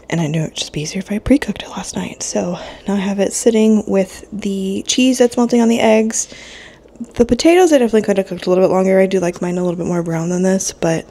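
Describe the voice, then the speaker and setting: Warm in tone and mid-range in pitch, a young woman talks through a loose, chatty home vlog, leaning heavily on filler words. Drowsy and yawning, she sounds a touch nasal from allergies. She records on a handheld vlog camera in her kitchen and home office.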